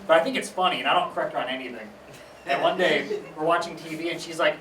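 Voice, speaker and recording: A young man doing a stand-up comedy set on a small theater stage, talking casually with deadpan asides and acting out his family's voices. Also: fairly high pitch, fast talker, a little hiss or hum. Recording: echoey room recorded from far off.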